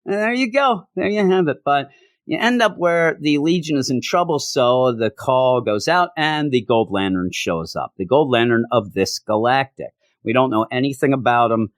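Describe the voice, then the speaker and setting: A man's voice: mid-range voice, animated, moderate pace, no echo, clean studio sound. A man casually reviewing a comic book, sarcastic, reading out lines in mocking voices.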